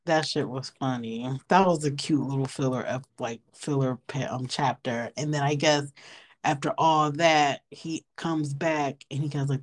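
A young woman co-hosting a podcast, laid-back and swearing casually as she chats. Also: rumbling low. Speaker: podcast co-host. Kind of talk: casual chat.

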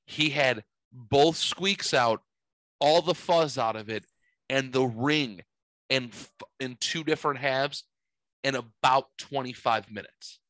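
A man's voice: mid-range voice, slow pace, no echo, poor audio. A man in his forties telling a long story in casual chat, rambling and full of swearing. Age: 40s. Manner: profane, rambling, animated storyteller.

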